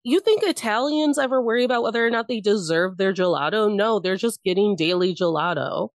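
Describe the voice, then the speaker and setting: A woman in casual podcast conversation, animated and quick to laugh, who swears casually and slips into quick impressions of people. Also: medium pitch, no room sound, clean studio sound.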